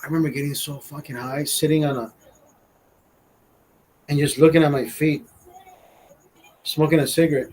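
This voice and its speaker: A man's voice: fairly high pitch, steady tone, normal speed, long pauses, darkish tone, breathy edge, rough recording. A man in his forties from Honduras telling a rambling, profane story in casual chat, laughing as he goes. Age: 40s. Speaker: podcast host.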